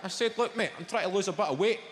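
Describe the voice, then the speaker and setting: A man's voice: high voice, very fast, a faint crowd, slight background noise. A Scottish man doing a sweary stand-up comedy set, telling stories brashly. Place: large venue stage. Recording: echoey hall with loud audience ambience. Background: audience laughter.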